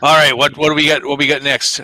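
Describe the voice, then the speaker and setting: A man from Boston with a Boston accent, co-hosting a podcast in casual chat, wry and quick to laugh. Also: a little high, little pitch movement, bright, forceful tone, no echo, low-quality recording. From Boston, USA. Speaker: podcast co-host.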